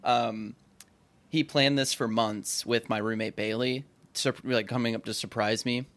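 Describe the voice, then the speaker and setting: Chatty mid-twenties podcast host. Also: male voice, mid-range voice, fairly even intonation, unhurried, fairly bright tone. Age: 20s. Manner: chatty, laughs often, trails off into filler words. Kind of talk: casual chat.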